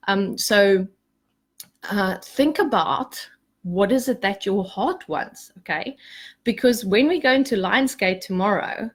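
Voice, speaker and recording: A woman leading a spiritual group in a chatty, animated way, often asking "okay?", later turning soft and hushed for a meditation. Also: mid-range voice. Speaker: spiritual coach. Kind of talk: casual spiritual talk to a group.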